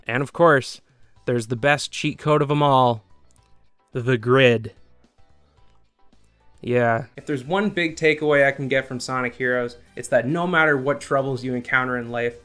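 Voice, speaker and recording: A man's voice: mid-range voice, bright, forceful tone, no echo. A man delivering scripted comedic video game commentary, sarcastic and prone to swearing rants. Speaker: gaming video host.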